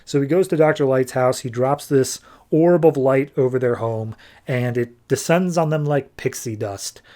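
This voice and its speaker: A man's voice: medium pitch, dark tone. Casual man recapping a comic. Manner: casual, quick paraphrasing of characters with loose voices. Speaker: comic book podcast host.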